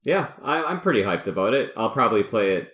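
A man's voice: fairly low pitch, sing-song, fast talker, fairly bright tone, roomy sound. A man co-hosting a podcast, joking and upbeat in casual chat. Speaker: podcast co-host.

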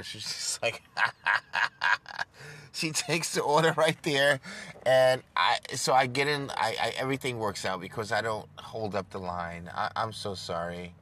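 A young man with a medium-pitched voice speaks unhurriedly in a bright, forceful tone, telling the camera a rambling, self-deprecating story for a casual vlog. He stumbles and repeats words, and he grows emotional as his voice drops.

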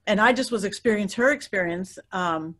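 Middle-aged lady psychic telling her stories in an interview, animated, laughs a lot, does the other voices. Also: mid-range voice, moderate pace. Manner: lively, laughs often, acts out quoted voices. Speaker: guest psychic.

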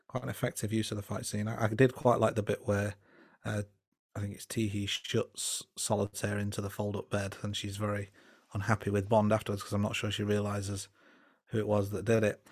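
A man co-hosts a casual film review podcast, his voice a little low and sitting dry and close to the mic. He muses in a thoughtful, unhurried way, stopping often on small fillers. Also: no room sound. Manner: relaxed, thoughtful, hesitant with fillers. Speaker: podcast co-host.

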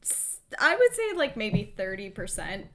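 A woman's voice: mid-range voice, sing-song, measured pace, a bit bright. A woman in casual conversation, reacting with blunt, wry remarks and casual swearing. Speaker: podcast co-host. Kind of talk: casual chat.

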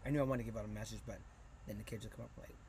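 A man being interviewed as a community vlogger, telling animated, rambling stories full of fillers and restarts. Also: lowish voice, racing, a little hiss or hum. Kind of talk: casual interview storytelling.

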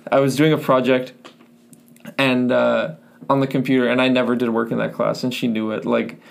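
Young guy on a podcast, gravelly fry voice, chill and jokey. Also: mid-range voice, little pitch movement, moderate pace. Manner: laid-back, joking, swears. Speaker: podcast co-host. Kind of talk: casual chat.

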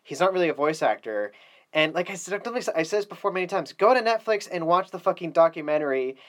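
Animated, rambling, swearing man. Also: a little high, fast talker. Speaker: podcast co-host. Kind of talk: casual podcast chat.

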